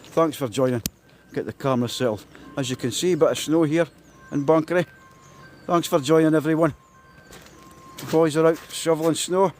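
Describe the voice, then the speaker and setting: A Scottish man with a slightly high, darkish voice speaks at normal speed, pausing often. Live-streaming on his phone, he drives and then walks through snow while casually greeting viewers again and again, and the phone mic catches road and car noise.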